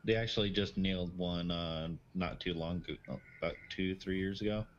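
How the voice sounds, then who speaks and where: A man's voice: deep voice, steady tone, normal speed, highs cut off. A man joining a casual chat as a guest, telling stories in a laid-back way.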